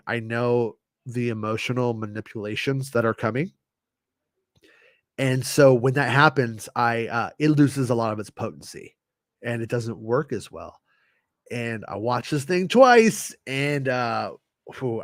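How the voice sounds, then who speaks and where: A man hosting a casual livestream, reading from an article and reacting with loose, swearing commentary, slightly ill and clearing his throat. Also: medium pitch, lively intonation, measured pace, dry recording, clean studio sound. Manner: chatty, reads quotes then reacts with swearing and laughs. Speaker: host reading an interview article.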